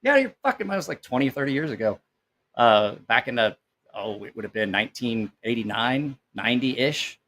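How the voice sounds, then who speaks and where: A man in his forties talks at a middling pitch. He chats casually on a live stream, drifting from one story to the next and dropping curse words without a second thought. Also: animated, normal speed, fairly bright tone, slight background noise. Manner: rambling storyteller who swears freely. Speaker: knife channel host. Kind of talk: casual live-stream chat, reading comments.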